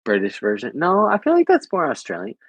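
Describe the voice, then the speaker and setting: A man's voice: on the high side, wildly swooping pitch, a little fast, no room sound, highs cut off. A young adult American man chatting casually with viewers, rambling and repeating filler phrases. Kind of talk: casual chat.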